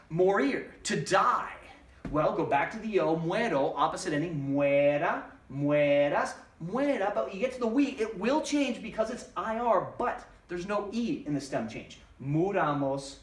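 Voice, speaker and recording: A man teaching a Spanish grammar lesson, his voice a little higher than most men's. He explains emphatically and drills verb forms in chanted lists. The mic sits some way off in a room with a noticeable echo. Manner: lively, emphatic explaining with rhetorical questions. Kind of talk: recorded classroom lesson. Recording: roomy sound, distant mic.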